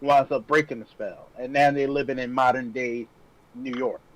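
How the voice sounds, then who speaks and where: A man co-hosting a casual podcast chat, talking excitedly and swearing freely as he gushes about old cartoons. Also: mid-range voice, normal speed, low-quality recording. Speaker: podcast co-host.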